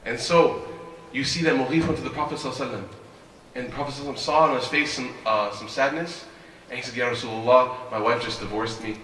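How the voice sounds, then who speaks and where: Guy preaching fast and bright, animated storytelling, echoey hall, mic kinda far. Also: mid-range voice, a little hiss or hum. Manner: animated, keeps asking the audience "right?". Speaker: religious lecturer. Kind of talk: storytelling religious lecture.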